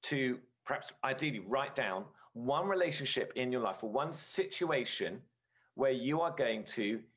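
A man's voice: medium pitch, expressive, unhurried, fairly bright tone. A man giving a conversational sermon as a guest speaker, earnest and storytelling, with frequent filler words.

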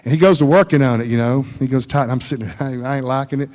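A man's voice: medium pitch, fairly even intonation, fast talker, a little mellow. Folksy man preaching in reverb. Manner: folksy, conversational, repeats phrases for emphasis. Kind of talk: informal sermon. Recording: long hall reverb.

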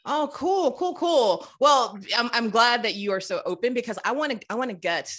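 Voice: mid-range voice, animated, moderate pace, pushed and bright. A podcast co-host from the United States, opening an interview in a bubbly, playful way over a video call. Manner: bubbly, playful, laughs often. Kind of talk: casual interview chat.

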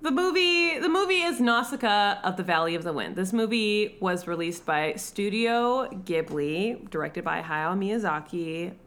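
A woman's voice: on the low side, animated, unhurried, hardly any pauses, a bit bright. A woman co-hosting a podcast, chatting casually and animatedly about a film, swearing now and then. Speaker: podcast co-host reviewing a film. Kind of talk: casual chat.

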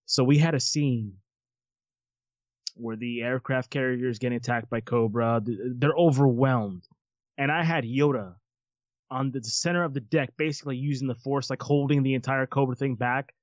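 A man in his forties chatting casually and telling lively stories, often laughing at them. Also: mid-range voice, normal speed, pauses often, no room sound. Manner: animated storyteller, laughs at his own stories. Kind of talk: casual chat. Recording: slightly muffled lo-fi sound.

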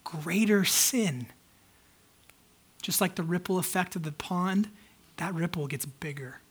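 High-voiced man preaching a casual sermon. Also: measured pace, husky. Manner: conversational, candid, many fillers. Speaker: pastor.

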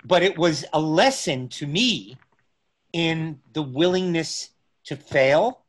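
A middle-aged man spinning a long anecdote in conversation, taking his time. His voice sits a bit high for a man, and he drawls along slowly, stopping and restarting his phrases as he thinks. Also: expressive. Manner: unhurried, pausing often, restarting phrases. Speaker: guest recounting stand-up comedy memories. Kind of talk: conversational storytelling.

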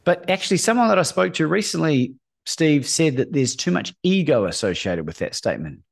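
A middle-aged man, a guest on a podcast, telling a story in a lively way, acting out the people he quotes and often asking "right?". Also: on the high side, a little fast, gravelly. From Australia. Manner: acts out quoted voices, often asks "right?". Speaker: guest, courage coach. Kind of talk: animated storytelling in a podcast interview.

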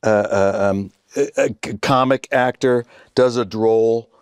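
A man in his sixties telling a story in casual chat, animated, acting out the voices he quotes. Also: fairly low pitch, unhurried, clean tone, no echo, studio quality. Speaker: guest actor.

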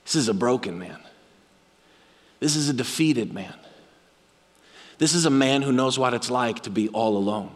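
A man's voice: moderate pace, long pauses. Male preacher, dramatic sermon delivery, long hall reverb. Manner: dramatic storytelling, drops low and quiet for emphasis.

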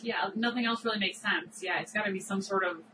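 Fast-talking woman a bit off-mic. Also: mid-range voice, distant mic, background noise. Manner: rambling, reflective talk with many fillers. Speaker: podcast co-host. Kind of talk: casual chat recapping a TV episode.

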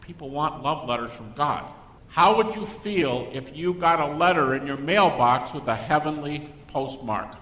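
An older man, a guest speaker, giving a Christian apologetics talk to a live audience and acting out the people in his stories. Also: normal speed. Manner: animated storyteller who acts out quoted people. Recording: echoey hall with faint rumble.

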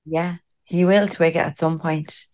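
A woman's voice: low-pitched, steady tone, unhurried, a little mellow. A middle-aged woman co-hosting a podcast in casual chat, swearing freely and laughing often. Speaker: podcast co-host.

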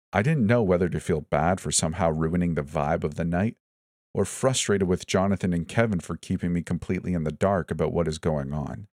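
A man narrating a first-person horror story with a steady, even reading. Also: sits low, dry recording, studio quality.

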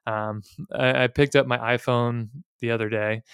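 Man in his thirties, podcast host, very smooth resonant voice, dry close sound, candid chatty delivery. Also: medium pitch, little pitch movement, normal speed, fairly bright tone, no room sound. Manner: candid, chatty, plainspoken with casual asides. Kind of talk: casual finance podcast talk.

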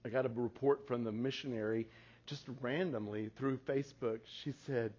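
A man in his forties giving a talk to an audience, telling a family story in an animated way and laughing at his own stories. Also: medium pitch, moderate pace. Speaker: speaker. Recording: slightly muffled lo-fi recording.

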